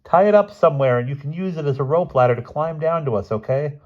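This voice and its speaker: A man voicing an energetic schoolboy who calls out loudly and eagerly. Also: a little high, fast talker, pitched above the performer's own voice, natural voice. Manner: loud, calling out eagerly. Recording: dull lo-fi recording.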